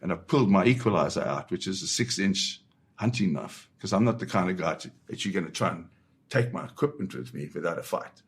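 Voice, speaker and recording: An older man, a war photographer, recounting a dramatic story in an interview with vivid, halting restarts. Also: deep voice, animated, creaky, a little hiss or hum.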